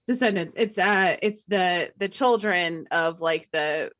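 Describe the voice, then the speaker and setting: A woman's voice: lowish voice, fairly bright tone, no room sound. Southern woman co-host, chatty, fillers, bone-dry close sound. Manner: chatty, giggly, halting with fillers. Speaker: podcast co-host. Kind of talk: casual podcast chat.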